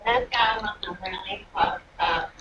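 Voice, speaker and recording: A woman's voice: mid-range voice, unhurried. A young woman co-hosting a podcast in casual chat, rambling and giggly. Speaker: podcast co-host. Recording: dull lo-fi audio with loud noise.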